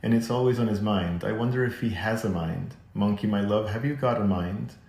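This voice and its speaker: A man voicing a kind, affectionate little girl in a storybook reading, speaking softly and coaxingly. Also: lowish voice, a little fast, roomy sound, close to an everyday voice. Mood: tender.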